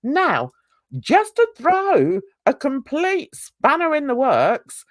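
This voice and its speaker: A woman's voice: sits high, wildly swooping pitch, slow, no room sound, clean studio sound. A woman from Britain co-hosting a casual livestream chat, chatty, laughing often and greeting viewers. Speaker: livestream co-host.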